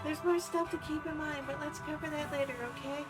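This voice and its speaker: A woman co-streaming a game, chatting quickly and teasingly. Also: sits high, steady tone, loud music behind the voice. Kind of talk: casual gameplay commentary.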